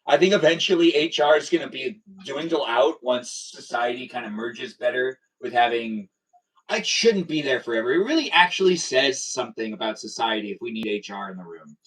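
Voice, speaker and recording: A man's voice: mid-range voice, expressive, brisk, a bit bright, husky. A man hosting a casual live stream, chatty and welcoming, rambling a little as he talks with guests. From Armenian heritage.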